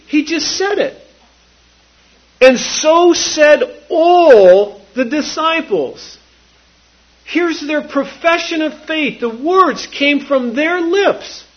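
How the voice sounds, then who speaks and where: A man preaching a sermon, slow and emphatic, repeating key phrases for weight. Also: sits high, husky. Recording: dull lo-fi recording.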